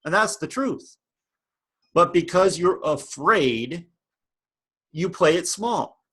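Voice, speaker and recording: Fired-up male vlogger, husky and a little high, preaching and repeating himself. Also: lively intonation, slow, a bit bright. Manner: passionate, repetitive, preachy. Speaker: online business vlogger. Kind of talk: motivational rant to camera.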